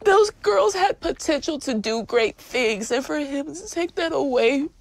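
A woman's voice: high voice, lively intonation, a little slow, dry recording. A woman in a documentary interview, crying and apologizing as she speaks. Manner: tearful, apologetic.

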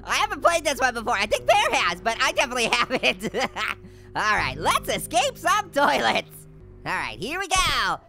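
Woman, very high voice, wildly swooping pitch, bright tone, giggly gaming commentary, faint music behind. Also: wildly swooping pitch, moderate pace, gravelly. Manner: giggly, jokey, exclaiming. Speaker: gaming channel host. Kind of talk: comedic let's-play commentary.

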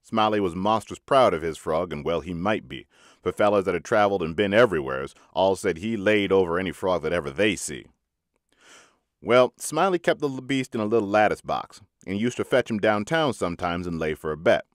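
A man reading a short story aloud in an unhurried, folksy storytelling manner. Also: low voice, expressive, no room sound, clean studio sound. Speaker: audiobook reader.

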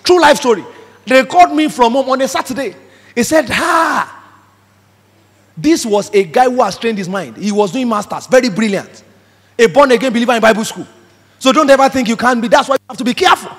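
A man's voice: very high voice, animated, quick pace. A man preaching a sermon emphatically, acting out the voices he quotes. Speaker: pastor. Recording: reverberant hall.

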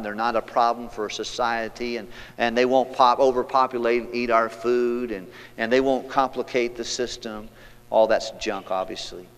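A man preaching a sermon as pastor, reading scripture aloud and leading the congregation, moving between loud preaching and hushed passages. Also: fairly low pitch. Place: church sanctuary. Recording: long hall reverb, church sanctuary.

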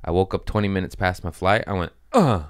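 A young man hosting a podcast, telling stories in a casual, profane, animated way and laughing at his own jokes. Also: low voice, fast talker, smooth, no echo, studio quality. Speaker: podcast host. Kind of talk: casual storytelling monologue.

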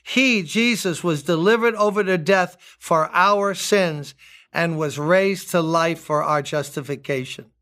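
An older man preaching a sermon as pastor, emphatic, repeating key words and rising high on his appeals. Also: a little slow, pushed and bright.

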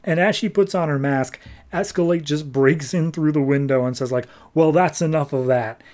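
Man, podcast host, casual comic recap, offhand, fairly high voice, mellow tone. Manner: quick, offhand retelling, dropping into brief quoted voices.

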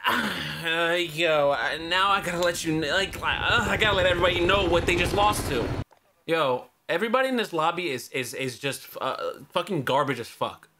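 High, lively young man trash-talking. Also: background noise. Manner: profane trash-talking, barks repeated warnings at the player. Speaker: gaming YouTuber. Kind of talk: casual spectating commentary.

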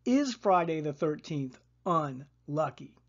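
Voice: mid-range voice, lively intonation, slow, dull audio. A storyteller voicing an anxious young schoolboy. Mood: worried. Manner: anxious, plaintive.

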